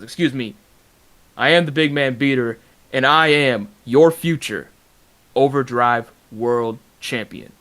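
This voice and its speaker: A man with a fairly high voice cuts a cocky, boastful trash-talk promo at a wrestling press conference. He talks with swagger and gets heated and defensive when he is pushed. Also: a bit bright. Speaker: wrestling league competitor.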